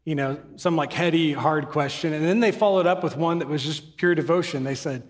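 A man's voice: fairly high pitch, brisk. Man preaching in an echoing hall. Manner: earnest, conversational preaching with asides and self-deprecating humor. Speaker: pastor. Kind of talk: sermon. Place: church sanctuary with congregation.

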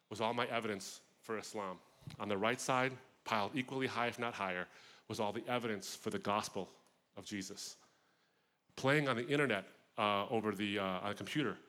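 A man giving a personal testimony talk at a festival, telling his story with expressive, vivid asides. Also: lowish voice. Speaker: guest speaker.

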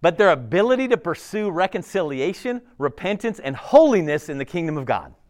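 A man preaching a sermon as a pastor, conversational and animated, with laughs and asides. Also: on the high side, brisk.

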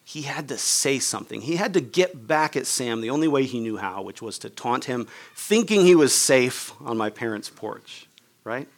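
Expressive and at a normal speed, a pastor with a medium-pitched voice preaches by telling a personal tale. He keeps it conversational, plays out the people in the story, and uses lots of "like" and "right?"

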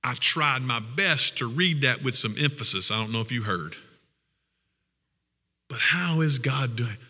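A man preaching a sermon as pastor, with earnest, emphatic, drawn-out phrasing. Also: medium pitch, lively intonation, bright, forceful tone, breathy edge, big-room sound.

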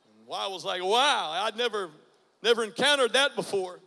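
A man in his forties preaches his testimony with a high, bright voice. He drops to a near hush, then breaks into loud bursts. His voice rings out in a large hall with a long reverb. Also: expressive, normal speed, creaky. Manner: dramatic, swings from hushed to loud bursts. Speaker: guest preacher. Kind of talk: testimony sermon.

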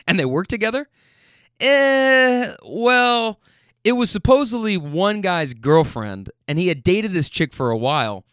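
Animated man telling a story, dry close sound. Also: on the high side, moderate pace, few pauses, no echo. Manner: animated, acts out the passengers' voices with quoted lines and laughs. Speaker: storyteller recounting a rideshare passenger story. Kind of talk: casual storytelling.

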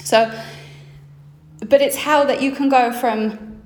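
A woman hosting a solo mindset podcast, acting out her inner thoughts with lively shifts of voice. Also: high voice, slow pace. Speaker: podcast host. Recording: roomy echo.

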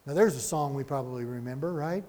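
A man leading a Bible study in an animated, conversational sermon style, with chuckling asides and rhetorical questions. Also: medium pitch, fast talker, in a large hall.

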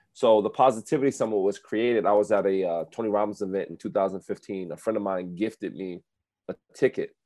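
A man from New Jersey talks in a low, mellow voice, telling stories easily and dropping plenty of "like" as he goes. The sound is close and dry. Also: no echo. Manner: relaxed, storytelling, many "like" fillers. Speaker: guest, speaker and coach. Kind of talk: radio interview chat.

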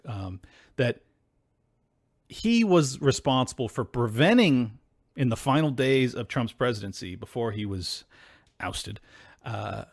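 A man hosting a solo political podcast, ranting in a heated, profane, combative way that breaks into yelling. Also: medium pitch, no echo, studio quality. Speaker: podcast host.

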